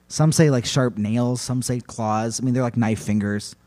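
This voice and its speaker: A man's voice: mid-range voice, darkish tone. A man casually telling a creepy folk tale on a podcast, stretching words out for spooky effect and laughing along. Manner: playfully spooky, drawn-out narration, laughs often. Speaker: podcast storyteller. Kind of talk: casual storytelling chat.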